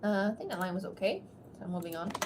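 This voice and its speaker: Chatty woman streamer, quick to laugh. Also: medium pitch, very animated, noisy background. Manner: chatty, laughs often, self-deprecating. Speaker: streamer and voice actor. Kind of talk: casual livestream chat between takes.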